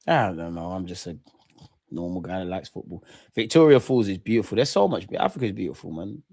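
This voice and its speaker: A young man, chatting with viewers and shouting them out during a live football watch-along. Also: low-pitched, animated, quick pace, gravelly, husky, dry recording, clean studio sound. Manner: chatty slang-heavy banter, shouting out viewers. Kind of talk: live reaction chat.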